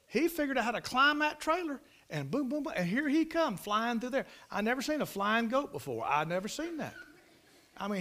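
A high-pitched man, telling a barnyard story with a folksy drawl. His voice swoops up and down a lot as he spins it out like a preacher. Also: brisk. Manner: folksy, animated, drawling country talk.

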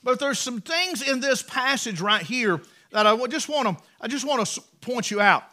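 A man with an Appalachian accent preaching a sermon from the pulpit in a folksy way, repeating words and building to loud, emphatic peaks. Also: very high voice, animated, normal speed. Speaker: pastor. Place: church sanctuary.

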